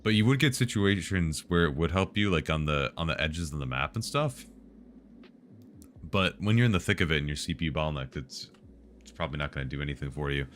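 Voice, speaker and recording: A man's voice: rumbling low, brisk, a bit bright, slight background noise. A man streaming live, chatting casually about tech and answering viewers' questions in a rambling, joking way.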